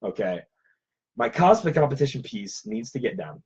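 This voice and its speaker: A man's voice: mid-range voice, sing-song, normal speed, lo-fi sound, noisy background. A man who makes props and cosplays, chatting casually and in a self-deprecating way. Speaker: cosplayer and prop maker. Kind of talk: casual chat.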